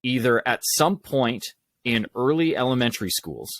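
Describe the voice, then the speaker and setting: A man on a podcast, a guest who coaches public speaking, telling stories in an animated way with quick asides. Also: medium pitch, dry recording. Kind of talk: conversational storytelling.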